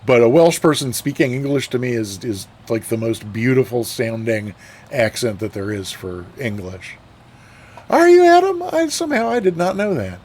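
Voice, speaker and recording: A man's voice: medium pitch, big pitch swings, moderate pace, darkish tone, slightly rough. A man streaming a flight sim, chatting casually with viewers, rambling with fillers and restarts. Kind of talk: casual live-stream chat.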